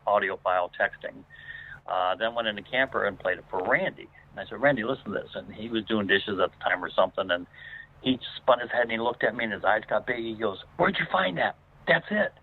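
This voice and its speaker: Male guest telling a story by phone, lower voice, loose and filler-heavy delivery, phone-thin sound. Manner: rambling, many "uh"s and restarts. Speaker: guest paranormal investigator. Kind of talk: casual spoken storytelling. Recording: tinny phone line.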